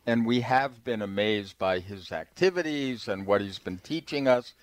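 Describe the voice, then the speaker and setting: Laid-back radio guy, lowish voice, lots of ums, dry studio sound. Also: lively intonation, normal speed, no echo. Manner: easygoing, hesitant with fillers, laughs easily. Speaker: radio co-host. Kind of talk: talk radio hosting.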